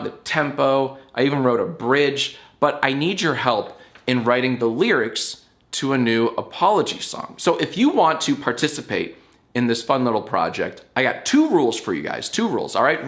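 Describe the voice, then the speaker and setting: Male host, casual and rambling, playful delivery, mid-pitched everyday voice. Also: a bit bright. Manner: rambling, playful, explains with repeated "all right?". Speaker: YouTube show host. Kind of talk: casual talk to camera.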